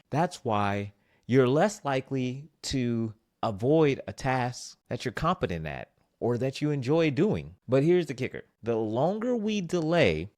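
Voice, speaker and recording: A man presenting a scripted motivational vlog with self-help advice, animated and self-mocking, with playful asides. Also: mid-range voice, no room sound, studio quality.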